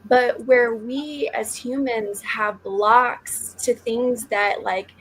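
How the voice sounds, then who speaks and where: A woman's voice: a little high, steady tone, drawn-out words, slight background noise, rough recording. A woman panelist who works as an intuitive healer, speaking in a flowing, earnest way with spiritual phrasing. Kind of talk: reflective podcast discussion.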